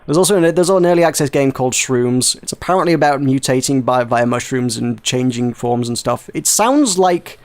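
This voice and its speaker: A man's voice: mid-range voice, expressive, brisk, few pauses, darkish tone. A man hosting a casual video game podcast, rambling, laughing and swearing as he talks. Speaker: podcast host. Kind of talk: casual podcast chat about video games.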